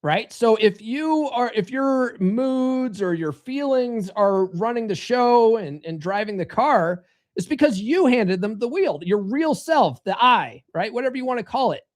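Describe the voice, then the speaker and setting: A man's voice: very high voice, lively intonation, unhurried. Guy on a live stream lecturing about self-help, blunt and swears a lot. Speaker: podcast host.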